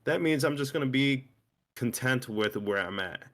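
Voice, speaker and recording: A man's voice: medium pitch, animated, normal speed, fairly bright tone. A young man in casual podcast chat, rambling and swearing, with many restarts. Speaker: co-host.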